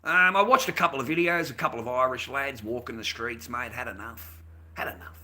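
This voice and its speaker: An Australian man livestreaming, greeting chat and ranting in a rambling, heavily profane way, swinging between low mutters and loud outbursts. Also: fairly quick. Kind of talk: casual ranting monologue.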